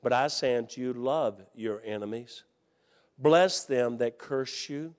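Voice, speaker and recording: A man preaching a sermon, telling a story with lively energy and reading scripture more calmly. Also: medium pitch, a little slow. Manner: animated, loud storytelling with laughs, then calmer scripture reading. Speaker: Baptist preacher. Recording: hall reverb.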